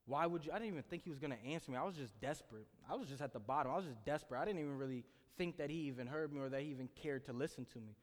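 A man earnestly telling a personal testimony with animated storytelling. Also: medium pitch, very fast, few pauses. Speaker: speaker sharing a testimony. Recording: long reverb in a hall.

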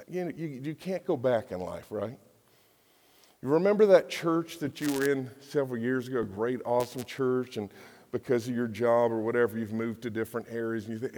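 A man's voice: medium pitch, animated, fairly quick, warm tone. A male pastor preaching a conversational, jokey sermon and acting out quotes in voices. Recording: long hall reverb.

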